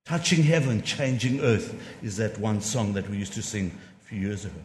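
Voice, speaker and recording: A man's voice: fairly low pitch, fairly even intonation, brisk, few pauses, a little mellow. A man preaching a sermon, emphatic and fond of rhetorical questions and repeating key lines. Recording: echoey hall with long reverb.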